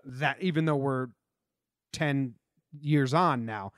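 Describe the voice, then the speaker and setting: A man's voice: mid-range voice, slow, fairly bright tone, dry recording. Chatty young man, dry close sound. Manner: chatty, meandering, hesitant fillers. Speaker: podcast co-host. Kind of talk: casual sports chat.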